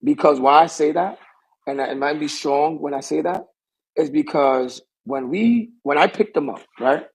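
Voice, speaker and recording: A man's voice: fairly high pitch, moderate pace, breathy edge, poor audio. A young man, a pro wrestler guest, telling a rambling story in casual talk and circling back with the same stock phrase.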